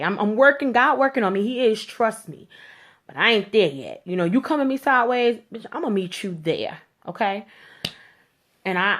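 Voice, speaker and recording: Blunt, slangy woman telling a story. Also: medium pitch. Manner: animated, blunt, swears freely; slangy informal speech. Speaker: vlogger. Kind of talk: storytime rant.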